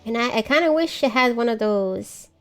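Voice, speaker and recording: A woman livestreaming a game, talking to her viewers in a chatty, self-mocking way. Her voice sits slightly high and moves around a lot, and she breaks into exclamations often. Faint game music plays behind her. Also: expressive, normal speed. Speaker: streamer. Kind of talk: casual live gameplay chat.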